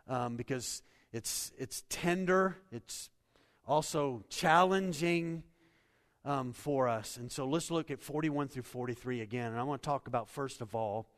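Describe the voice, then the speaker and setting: A man preaching a sermon, animated, acting out quotes and swinging between loud and soft. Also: medium pitch. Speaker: pastor. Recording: hall reverb.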